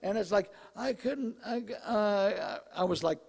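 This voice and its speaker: A male pastor preaching a sermon in a conversational, animated way, his voice slightly hoarse. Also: high-pitched, a little slow, long reverb tail. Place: church sanctuary.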